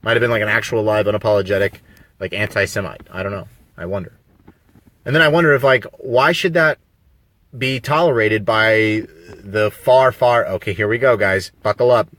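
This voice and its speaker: A man's voice: lowish voice, moderate pace, a bit bright. A man talking on a live video stream, rambling and emphatic, full of rhetorical questions. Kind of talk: casual live-stream monologue. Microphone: phone on a mobile signal.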